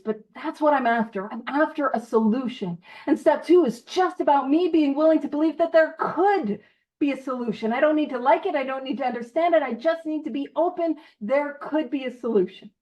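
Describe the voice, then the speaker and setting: Woman, guest speaker, high voice, jokey and tangent-prone, dull lo-fi audio. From Canada. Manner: lively, jokey, goes off on tangents. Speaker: guest speaker at a recovery study meeting. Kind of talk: casual recovery talk.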